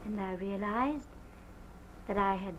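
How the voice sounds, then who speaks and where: A woman playing a halting, distraught witness. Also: medium pitch, slight background noise, close to an everyday voice. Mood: strained. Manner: halting, hesitant, breaks off. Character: distraught woman recounting a violent night. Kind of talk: early sound-film acting. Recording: muffled early sound-film recording.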